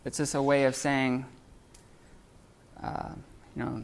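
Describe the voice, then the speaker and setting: A man leads a live classroom lesson, explaining grammar in a halting way, full of fillers and restarts. His voice has a gravelly edge. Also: medium pitch, flat delivery. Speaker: Greek teacher.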